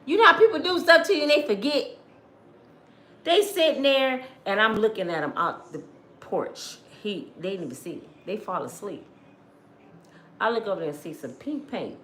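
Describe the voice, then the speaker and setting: A woman from Michigan who hosts a livestream and tells her own stories to viewers in a blunt, animated, outspoken way. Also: mid-range voice, moderate pace, reverberant, slight background noise. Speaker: livestream host. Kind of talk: casual storytelling to viewers.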